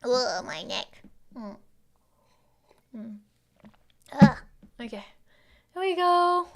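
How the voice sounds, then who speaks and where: A woman teaching a casual livestream lesson, chatting with viewers and muttering quietly to herself as she reads the chat. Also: high voice, sing-song, slow. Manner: chatty, mixes English with Japanese phrases, murmurs to herself. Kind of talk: casual live-stream lesson, reading chat.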